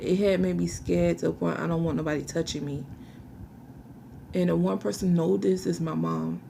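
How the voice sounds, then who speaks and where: Young woman, low fry-heavy voice, emotional and halting, close to tears. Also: mellow, slight background noise. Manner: halting, searching for words, restarts. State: fighting back tears. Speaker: vlogger telling her life story. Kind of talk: emotional personal testimony.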